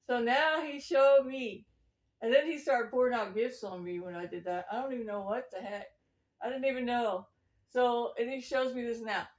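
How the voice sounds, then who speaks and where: A woman giving a meandering religious testimony, preachy and chuckling between thoughts. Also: fairly high pitch. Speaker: self-styled prophet.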